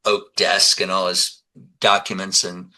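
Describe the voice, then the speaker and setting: An older man in his seventies talks as a guest in a relaxed interview. His voice is low and strikingly forceful, with a sharp edge. He tells stories with animation and acts out the dialogue. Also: measured pace, low-quality recording. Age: 70s. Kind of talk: conversational interview.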